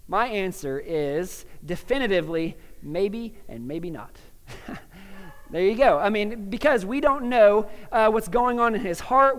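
A man preaches in a loose, conversational way, tripping into restarts and chuckling as he goes. His voice is high, smooth and clear. A long reverb hangs behind him, as in a large church sanctuary. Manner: conversational, animated, stammering restarts, laughs at his own jokes. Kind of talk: sermon.

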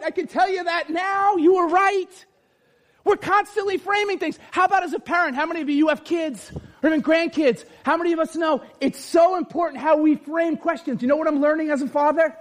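A middle-aged man, a pastor and father, preaching a lively sermon and often shouting for emphasis. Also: extremely high pitch, moderate pace.

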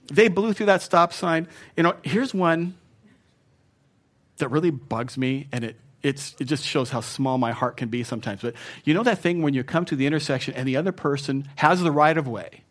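Male pastor, slightly high voice, chatty sermon, self-mocking, teases the pews. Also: normal speed. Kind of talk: conversational sermon. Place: church sanctuary.

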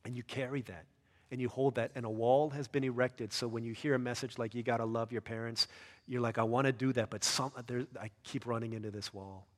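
A pastor preaches a sermon in an earnest manner, his voice climbing to loud, emphatic peaks before falling soft and low. His tone stays steady, his pace runs slightly fast, and the sound is that of a big room.

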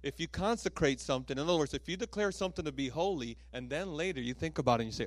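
A male pastor preaching a sermon with lively storytelling, acting out voices and laughing at himself. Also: on the high side, racing, hardly any pauses, no room sound.

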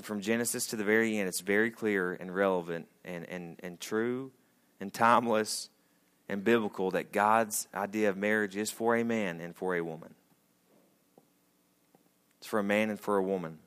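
A married man preaching a sermon to a congregation, speaking casually and swinging from loud emphatic lines to quiet asides. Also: lowish voice, smooth. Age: adult, married. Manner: conversational preacher, rising to emphatic peaks and dropping to quiet asides. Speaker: pastor. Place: church sanctuary before a congregation.

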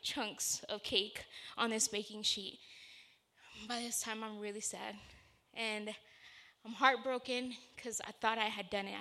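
A woman preaching a sermon with a bright, forceful voice pitched a bit high. She talks in an earnest, conversational way and leads from a personal story into scripture.

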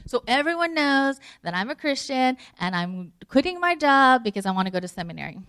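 A woman's voice: sits high, big pitch swings, brisk, a bit bright, clear, resonant tone, dry recording. A woman pastor giving a sermon in a conversational way, full of fillers and restarts, sometimes dropping to a near whisper. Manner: drops to a near whisper at tender moments. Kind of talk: sermon with personal story.

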